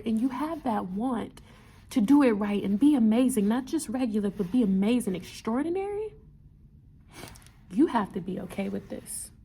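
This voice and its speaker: A young woman, a medical student, talking earnestly in a motivational vlog, often repeating herself and dropping into soft whispers. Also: fairly high pitch, slight background noise. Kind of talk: heartfelt motivational vlog talk.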